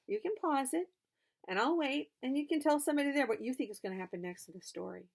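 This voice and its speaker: A woman reading a picture book aloud to children, animated, pausing to explain words and ask questions. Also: high-pitched, gravelly. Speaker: storybook reader for children.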